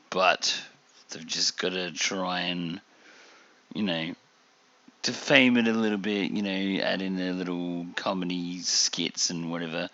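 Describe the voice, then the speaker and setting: A man from Australia talks over a video he is reacting to, slow and rambling, piling on fillers as he grumbles. His voice sits very low with a gravelly fry, yet has a bright edge. The recording sounds dull and lo-fi. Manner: annoyed, rambling with many fillers. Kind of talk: casual reaction commentary.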